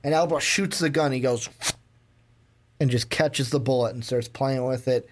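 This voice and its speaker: This podcast co-host talks at a normal speed in a medium-pitched voice. He helps run a laid-back movie review show, rambling, saying "like" a lot, and acting out scenes as he retells them.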